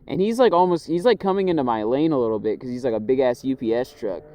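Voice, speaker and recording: A man's voice: medium pitch, lively intonation, fast, warm tone. A man from Houston rambles in a profane, slangy way while driving, coughing often. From Houston, Texas. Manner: profane, slangy, meandering rant with frequent coughs. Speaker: vlogger. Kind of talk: casual rambling monologue. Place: inside a car while driving. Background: car engine and road noise.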